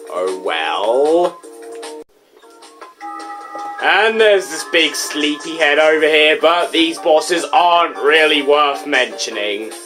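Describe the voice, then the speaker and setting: A game reviewer giving casual, goofy, rambling commentary with self-mocking asides. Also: medium pitch. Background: game music.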